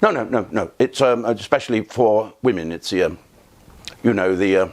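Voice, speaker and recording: A man's voice: lowish voice, moderate pace, pitched below the performer's own voice, lightly acted. A man voicing an embarrassed, stammering grown man who asks awkwardly for something for his wife in a told joke. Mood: flustered.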